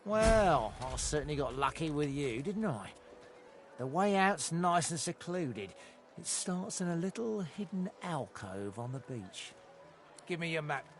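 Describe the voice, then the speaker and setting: A sly, conspiratorial man in a video game, giving hurried escape directions. His voice runs a bit high and swoops with lively melody.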